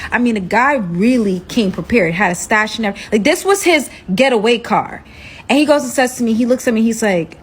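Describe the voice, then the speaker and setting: A woman's voice: mid-range voice, a little fast, slight background noise, low-quality recording. A young woman casually telling a dramatic personal story, acting out the dialogue as she goes. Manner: animated, dramatic retelling with acted-out dialogue.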